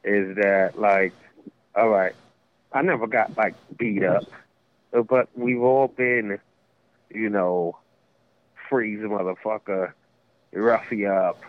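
Low-voiced man, rambling chat, lo-fi. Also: takes it slowly, pauses often. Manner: rambling, profane, trails off with fillers. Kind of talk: casual chat.

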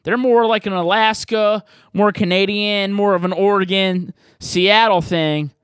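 A man with a voice pitched a bit high runs his podcast in a loose, rambling, cussing ramble. The sound is bone-dry and close to the mic. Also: steady tone, measured pace, clean tone, no echo. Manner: rambling, profane, jokey and loud. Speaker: podcast host answering voicemails. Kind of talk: casual podcast chat.

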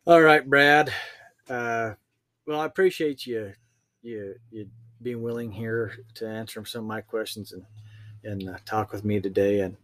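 A man's voice: lowish voice, fairly bright tone, no echo. Man hosting an interview in a dry room. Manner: friendly, halting questions with fillers. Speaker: podcast host. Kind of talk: casual interview talk.

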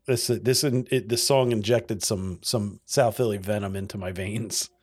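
A man's voice: on the low side, steady tone, normal speed, darkish tone, slightly rough, dry recording, studio quality. A man co-hosting a podcast in casual chat, talking loosely and rambling, often restarting his sentences. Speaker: podcast co-host.

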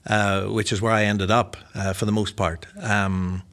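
Older pastor with Irish-American accent, chatty guest, self-mocking humor. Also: male voice, on the low side, little pitch movement, normal speed, a bit bright. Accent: Northern Irish mixed with American. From Northern Ireland. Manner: chatty, self-deprecating, laughs at his own jokes. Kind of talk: casual interview conversation.

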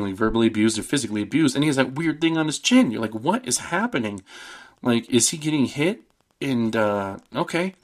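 A man hosting a podcast, casually retelling a horror film in a loose, rambling way full of "like" and "um". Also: lowish voice. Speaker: podcast host. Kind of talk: casual movie recap.

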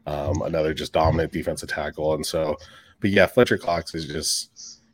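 Young male co-host, deep and dry, loose chatty delivery with frequent restarts. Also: steady tone, moderate pace, no room sound. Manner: rambling, restarts, swears casually. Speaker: podcast co-host. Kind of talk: casual sports podcast chat.

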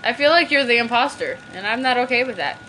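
A woman trash-talks her way through a video game, yelling one moment and grumbling low the next. Her voice is bright and a bit high, with a lively, swooping pitch. A faint hum sits behind her. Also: quick pace. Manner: loud, swings between yelling and mock-sulky mumbling. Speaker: podcast host playing a game. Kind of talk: casual gaming banter.

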